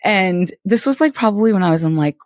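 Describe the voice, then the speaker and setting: Giggly young woman, lively pitch. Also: fairly quick, dry recording, studio quality. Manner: giggly, animated storytelling. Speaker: podcast co-host. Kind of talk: casual chat.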